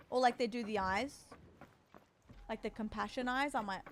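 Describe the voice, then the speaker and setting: Woman, livestreamer, casual gaming chat, reassuring, chatty, a little high-pitched. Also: measured pace, slight background noise.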